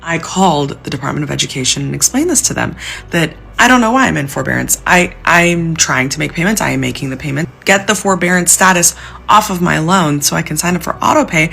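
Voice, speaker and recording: A young woman with a low, gravelly voice rants on a vlog, distressed and pleading. Her tone stays heavy with frustration throughout. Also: expressive, fast talker, fairly bright tone. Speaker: civil servant with student debt. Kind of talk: emotional vlog rant.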